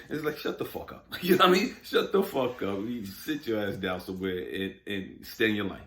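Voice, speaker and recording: A man's voice: fairly low pitch, lively intonation, a little fast, few pauses, fairly bright tone, echoey room, a little hiss or hum. A man giving a blunt, profane motivational talk on spirituality, speaking emphatically and turning often to the listener with laughs. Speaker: spiritual vlogger.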